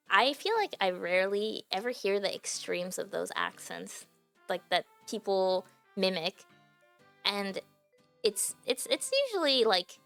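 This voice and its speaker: Giggly, chatty young woman with gravelly fry. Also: medium pitch, fairly bright tone. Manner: chatty and giggly, heavy use of "like" fillers. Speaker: livestreamer. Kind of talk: casual stream chat to viewers.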